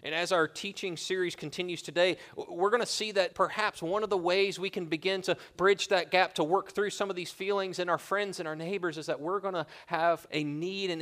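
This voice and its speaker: A man's voice: on the high side, fairly bright tone. Earnest, conversational man preaching. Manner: earnest, conversational, with colloquial asides. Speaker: pastor. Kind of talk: sermon.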